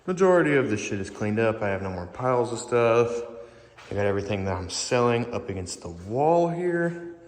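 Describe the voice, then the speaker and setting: A man's voice: mid-range voice, big pitch swings, moderate pace. Laid-back man in an echoey garage. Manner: laid-back, rambling, swears casually. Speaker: vlogger. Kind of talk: casual vlog walkthrough. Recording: echoey garage with long reverb.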